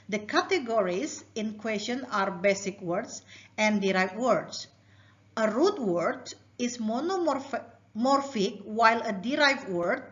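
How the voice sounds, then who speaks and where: Lady lecturing real slow, kinda high voice, dull lo-fi sound. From Indonesia. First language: Indonesian. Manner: measured, reading out example words one by one. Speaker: linguistics lecturer. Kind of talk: recorded lecture. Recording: dull lo-fi recording.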